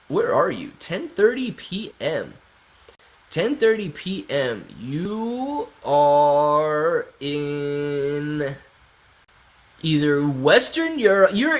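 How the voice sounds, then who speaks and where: Young male streamer, slightly high voice, chatty and excitable, reads chat aloud. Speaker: stock market livestream host. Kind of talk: casual live-stream chat reading viewer comments.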